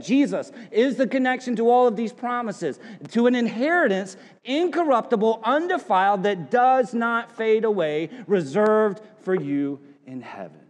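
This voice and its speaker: A pastor preaching a sermon in a church, mixing jokey storytelling with scripture. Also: male voice, high voice, normal speed, few pauses, long reverb tail. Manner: joking storyteller, animated voices for quotes. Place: church sanctuary.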